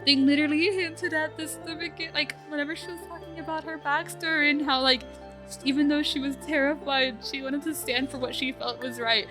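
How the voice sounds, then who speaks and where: A woman streamer commenting casually on a game, excitable, emotional and swearing freely. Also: sits high, brisk. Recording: game music playing loudly behind. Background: game music.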